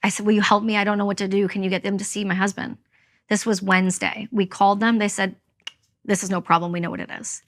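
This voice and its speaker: A woman from Canada tells a personal story in an interview, speaking candidly and with emphasis. Her voice has a gravelly, fried edge at a middle pitch. She acts out the words of the people in her story. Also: little pitch movement, quick pace, a bit bright. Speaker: podcast guest, army veteran.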